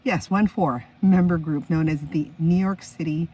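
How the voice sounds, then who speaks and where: A woman's voice: low-pitched, steady tone, moderate pace, warm tone, slightly rough, far from the mic, rough recording. A woman in her fifties hosting her own music podcast in a chatty, enthusiastic way, stopping now and then to react to her notes. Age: 50s. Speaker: podcast host. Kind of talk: casual solo podcast chat.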